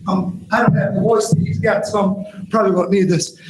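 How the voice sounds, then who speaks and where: A man's voice: sits high, steady tone, a little fast, slight background noise. A man in his fifties from Michigan, a longtime teacher and coach, giving an emotional, rambling public comment at a school board meeting. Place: large meeting room. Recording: echoey meeting hall.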